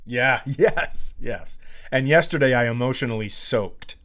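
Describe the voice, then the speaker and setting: A man's voice: medium pitch, a little slow. A man in his forties, a podcast co-host telling a funny story in casual chat and acting out the people he quotes. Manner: animated, acts out quoted voices loudly.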